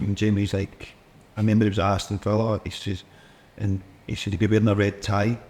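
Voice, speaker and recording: A man's voice: on the low side, level tone, fast talker, darkish tone, breathy edge. A man with a Scottish accent, a former footballer telling chatty anecdotes as a guest in a casual interview. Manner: chatty anecdotes with laughs and mimicry.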